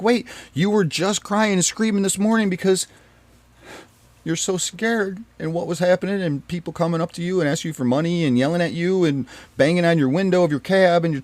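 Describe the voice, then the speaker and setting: A man recounts a painful personal story in an earnest, rambling way, circling back and repeating himself. His voice sits fairly high for a man, and it is recorded dry and close with no room sound. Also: no echo. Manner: rambling, with restarts and repeated phrases; earnest and pained, often dropping quiet.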